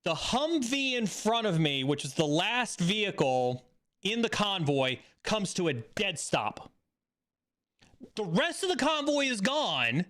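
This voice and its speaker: A man hosting a live stream, telling a story in a casual, animated way that rises excitedly when he acts out a scene. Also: sits high, slow pace. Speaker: stream host.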